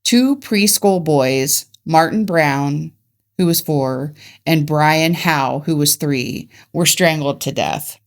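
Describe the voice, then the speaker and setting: A woman's voice: low-pitched, takes it slowly. A woman from Ohio co-hosting a casual true crime podcast, laughing at her own mix-ups and then reading the case notes plainly. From Ohio, United States. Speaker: podcast co-host.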